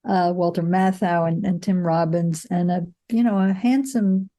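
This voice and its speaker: A woman's voice: lowish voice, fairly even intonation, normal speed, mellow. An older woman, a film producer, answering interview questions with reflective stories and frequent restarts. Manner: reflective storytelling, frequent "you know" and restarts.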